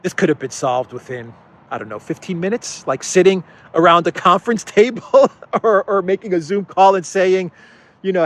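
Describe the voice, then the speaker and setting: A man's voice: high voice, normal speed, a bit bright. A man hosting casual political commentary who talks sarcastically, laughs often and acts out mock impressions. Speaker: host.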